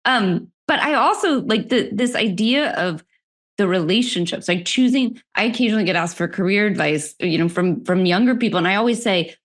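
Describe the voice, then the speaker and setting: A middle-aged woman, a workplace expert, talking as a podcast guest, animated and quick to laugh. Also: medium pitch. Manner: animated, laughs often, speaks in quick bursts. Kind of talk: conversational interview.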